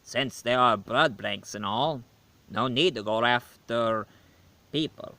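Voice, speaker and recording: A man playing Dracula, a male vampire who is tired of killing, giving a slow, rambling video game review in character. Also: medium pitch, bright, forceful tone. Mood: weary. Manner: slow, rambling, self-correcting.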